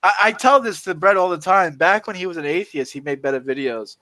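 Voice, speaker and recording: A man's voice: high voice, a little fast, sharp tone, no echo. A man in profane casual chat on a stream, telling crude, heated stories and laughing through his rants.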